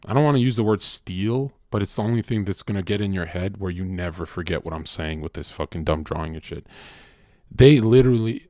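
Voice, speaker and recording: A man's voice: fairly low pitch, a little fast, warm tone, dry recording, clean studio sound. A man hosting a stream, ranting in a crude, profane monologue and asking "right?" again and again. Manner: mock-quotes people in sudden voice swings. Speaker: streamer host.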